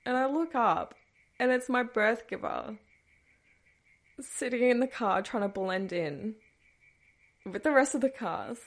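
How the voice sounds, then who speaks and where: A woman's voice: on the high side, animated, a little slow, long pauses. A woman hosting a podcast, telling a personal story in a casual, chatty way, breaking into nervous laughs and trailing off with dismissive asides. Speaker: podcast host.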